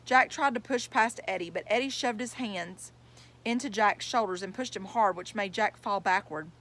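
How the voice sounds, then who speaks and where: A woman's voice: mid-range voice, moderate pace, fairly bright tone. A woman reading a novel aloud, telling it in plain first-person storytelling. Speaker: reader.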